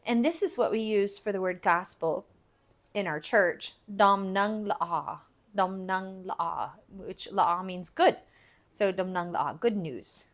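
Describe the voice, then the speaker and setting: A woman giving a recorded phonics lesson, patiently explaining step by step and repeating example words for learners. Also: mid-range voice. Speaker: language teacher.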